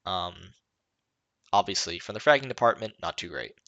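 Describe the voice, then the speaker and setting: A man's voice: fairly low pitch, normal speed, fairly bright tone, no echo, dull audio. A tired young man hosting a solo esports podcast, rambling through match analysis with lots of fillers and restarts. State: tired, yawning. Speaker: podcast host.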